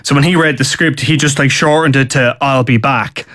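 A man's voice: a little high, steady tone, brisk, a bit bright. A man chatting on a radio show, rambling through film trivia with lots of filler words. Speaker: radio co-host discussing films. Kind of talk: casual radio chat.

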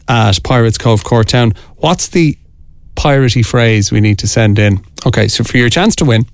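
A man presenting on local radio in a chatty, lively way. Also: medium pitch, no room sound, clean studio sound. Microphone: studio microphone.

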